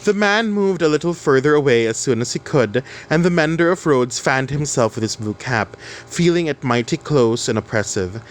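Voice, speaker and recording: A man's voice: mid-range voice, a little hiss or hum. A man reading a novel aloud and explaining it in chatty asides, with fillers and self-corrections.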